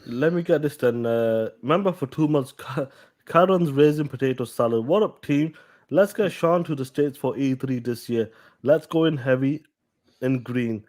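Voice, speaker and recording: A man's voice: mid-range voice, normal speed, darkish tone. Emphatic man co-hosting a podcast. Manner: emphatic, repeats points for stress. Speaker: podcast co-host. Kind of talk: casual chat.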